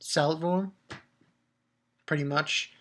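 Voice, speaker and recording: A man talks through a comic chapter in a casual solo review. His voice is bright and a little sharp. He rambles in an animated way, cursing freely and breaking off mid-sentence to start again. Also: on the high side, slow pace. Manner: animated rambling with frequent swearing and restarts. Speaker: manga reviewer.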